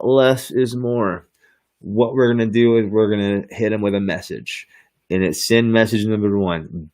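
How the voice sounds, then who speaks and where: A man hosting a podcast and walking through a software demo on screen, with hyped, slangy salesman patter and frequent laughs. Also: fairly low pitch. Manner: laughs often. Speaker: podcast host.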